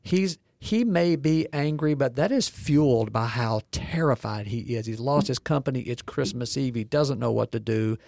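Male podcast co-host, mid-pitched, talks in stories with restarts, dry studio sound. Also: animated, normal speed, creaky, few pauses, a little mellow, dry recording. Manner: storytelling, frequent restarts. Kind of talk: podcast discussion.

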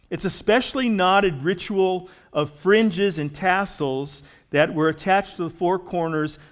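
A man preaching a sermon in a conversational way, growing emphatic as he reads and explains scripture. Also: on the high side. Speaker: pastor.

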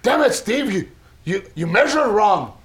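A man's voice: high voice, expressive, fast, a bit bright, voice pushed up. A man voicing a bossy older father-in-law, a perfectionist who insists on doing everything his own way. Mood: blaming. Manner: insistent, brushes off every objection.

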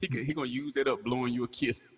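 A man's voice: medium pitch, racing, long reverb tail, a little hiss or hum. A man co-hosting a podcast, trading crude jokes and spinning absurd hypotheticals with laughs. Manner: animated, laughing storyteller. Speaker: podcast co-host. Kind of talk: crude comedic banter.

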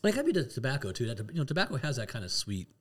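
A man's voice: medium pitch, big pitch swings, rapid-fire. A man co-hosting a casual whiskey tasting, talking in a rambling way, often restarting and laughing at himself. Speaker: podcast co-host.

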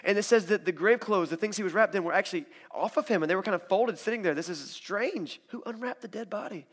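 A man preaching a sermon in a conversational, animated storytelling way, acting out quotes as he goes. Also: high-pitched, quick pace. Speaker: pastor.

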